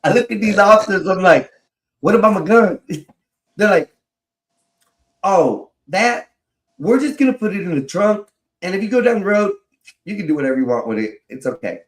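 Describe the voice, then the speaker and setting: A man with a fairly high voice tells a personal story in a relaxed, animated way, swearing freely and laughing as he goes. He talks at a moderate pace with long pauses, and the sound is roomy with a clear echo.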